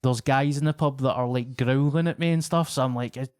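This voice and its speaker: A man with a Scottish accent, a guest comedian, telling a story in a loose, animated way, swearing freely and slipping into other people's voices. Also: medium pitch, a little fast, clean tone, no echo, clean studio sound. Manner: animated, swearing, acting out quoted locals. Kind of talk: casual podcast storytelling.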